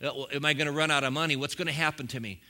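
A man preaching a sermon to a congregation, swinging from quiet asides to loud, fiery bursts with frequent chuckles. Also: on the high side, steady tone, racing. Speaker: pastor.

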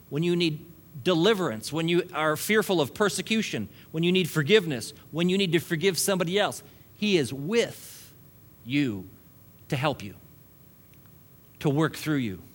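A man's voice: fairly high pitch, fairly bright tone. A male pastor preaching a sermon to a congregation, building long repeated lists and chuckling often between points.

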